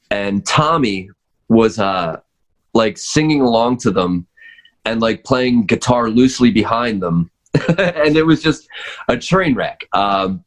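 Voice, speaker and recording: A man who is a drummer, chatting as a podcast guest, rambling with lots of fillers and restarts. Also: medium pitch. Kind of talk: casual chat.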